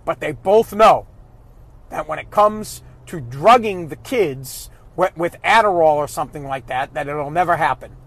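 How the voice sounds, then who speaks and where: A man's voice: on the high side, normal speed, fairly bright tone. A father ranting bluntly about raising kids, swearing heavily and raising his voice as he talks. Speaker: father giving opinions. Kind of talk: profane ranting monologue.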